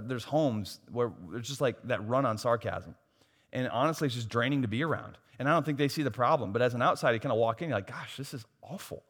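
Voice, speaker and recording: Male pastor, sermon delivery, punchy repetition, slightly high voice, long hall reverb. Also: fairly bright tone. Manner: emphatic preaching with repeated phrases and self-deprecating asides.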